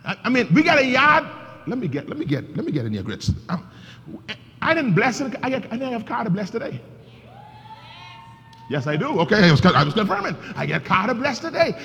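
A man's voice: high voice, big pitch swings, a little fast, gravelly, pushed and bright. A male pastor preaching a sermon, leading his congregation in call-and-response. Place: church sanctuary. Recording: long reverb in a church hall, faint background noise.

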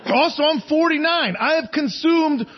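A man's voice: very high-pitched, moderate pace, highs cut off. A man in his forties doing a live stand-up set on a theater stage, rambling and self-mocking, chuckling at his own jokes. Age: 40s. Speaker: stand-up comedian. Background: audience laughter.

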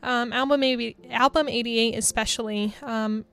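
A young woman in her twenties from Georgia, chatting casually as a college radio DJ in a studio, bubbly and quick to laugh. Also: a little high, steady tone, fairly bright tone. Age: 20s.

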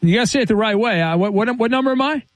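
A man's voice: very high-pitched, rapid-fire, a little hiss or hum. A man hosting a sports talk radio show, opinionated and rambling as he argues with callers and tells stories.

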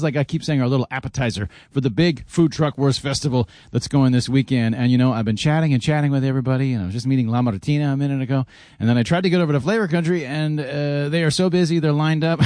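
A man hosting a live radio broadcast from an outdoor parking lot, chatty and energetic, hot and out of breath. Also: fairly high pitch, no room sound, studio quality. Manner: energetic, chatty, upbeat plugging. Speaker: radio host doing a live remote. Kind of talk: live on-location radio promo.

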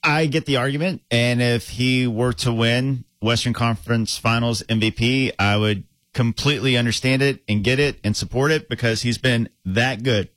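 A man co-hosting a sports radio show, explaining his views in a measured, reasoned way. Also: medium pitch, steady tone, fairly bright tone, no room sound. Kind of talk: casual sports radio chat.

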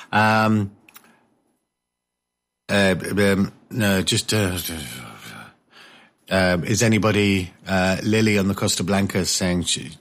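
A man hosting a talk radio show, chatting casually with a rambling, jokey manner and many hesitations. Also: on the low side.

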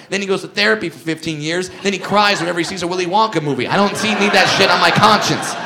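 A man doing a stand-up comedy set, brash and profane with mock indignation, recorded live in a comedy club on a handheld mic. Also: a little high.

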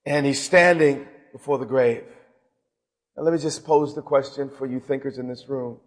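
A man preaching a sermon as bishop, dramatic, swinging between loud passages and hushed ones. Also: medium pitch, steady tone, normal speed. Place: large hall with audience. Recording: live sermon in a reverberant hall.

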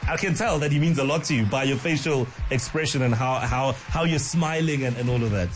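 A man's voice: mid-range voice, a little fast, soft background music. A South African man interviewing a child, enthusiastic and laughing often.

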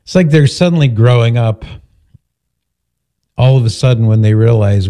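Teasing talk radio host with a dark voice. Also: male voice, medium pitch, normal speed. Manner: joking, teasing. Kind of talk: casual talk radio banter.

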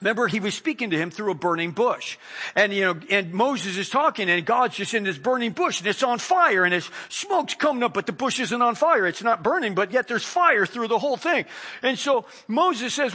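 Male preacher, high and bright voice, animated sermon that acts out the quoted lines. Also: normal speed, breathy edge.

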